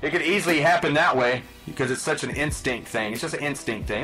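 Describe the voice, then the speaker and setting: A man's voice: on the high side, quick pace, bright, forceful tone, faint music behind. A man hosting a podcast, telling stories in a blunt, profane, exasperated rant. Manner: blunt, swearing, exasperated storytelling. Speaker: podcast host.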